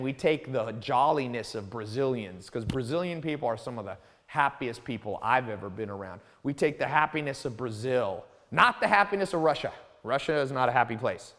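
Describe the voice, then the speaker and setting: This is a man hosting a mentoring call, lecturing off the cuff. He is blunt and ranting, his pitch and loudness swinging a lot. His voice rings out in a long reverb. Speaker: host of a mentoring live call.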